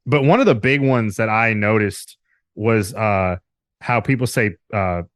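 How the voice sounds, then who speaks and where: A man's voice: fairly low pitch, a little slow, a bit bright, no echo, clean studio sound. A man from Alabama, a podcast guest chatting casually, rambling with frequent laughs and loose swearing. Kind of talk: casual interview chat.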